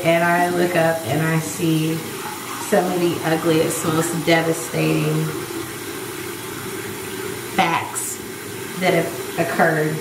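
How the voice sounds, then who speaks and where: A woman in her thirties telling a personal story to camera in a candid, emphatic way. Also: low voice. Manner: candid, emphatic, acts out quoted voices. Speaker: vlog host. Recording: echoey room with clear background noise.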